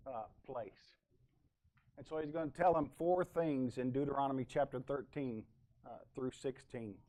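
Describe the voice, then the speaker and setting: A man preaching a sermon at a middle pitch, talking to the congregation the way you'd talk to friends. He keeps asking the room questions and drifts into little asides, with plenty of fillers along the way. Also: darkish tone. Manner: conversational, asks the congregation questions. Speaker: pastor.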